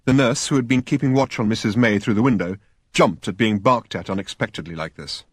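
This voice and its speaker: A man reading an audiobook in an expressive, storytelling manner. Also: fairly low pitch, brisk, dry recording, clean studio sound. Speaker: audiobook narrator. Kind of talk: scripted narration.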